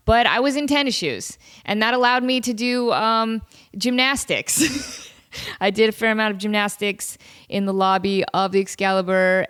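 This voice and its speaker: Animated joking woman podcast host. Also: medium pitch, smooth. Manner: animated, jokey storytelling with laughs and mock quotes. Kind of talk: casual comedic monologue. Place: home podcast studio.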